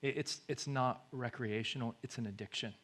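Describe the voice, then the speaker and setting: In a steady tone at a moderate pace, a man preaches as pastor, booming through scripture and then turning to hushed, gentle appeals, with frequent repeated words for emphasis.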